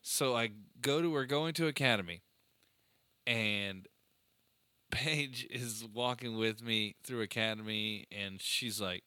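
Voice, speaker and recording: A man chatting casually, telling funny stories in an animated way and laughing often. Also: mid-range voice, a little slow, clean tone, no echo. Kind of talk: casual chat.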